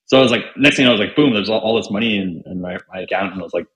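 A man's voice: fairly low pitch, racing, a bit bright, muffled recording. A young man, a podcast guest, telling stories casually with lots of fillers and acted-out quotes. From Canada. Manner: chatty, filler-heavy, acts out quoted dialogue. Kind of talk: casual storytelling. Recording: roomy echo.

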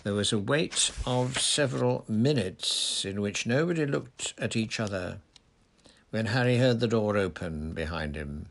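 Gravelly low-voiced male narrator. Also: animated, a little slow. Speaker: audiobook reader. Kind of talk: storybook narration.

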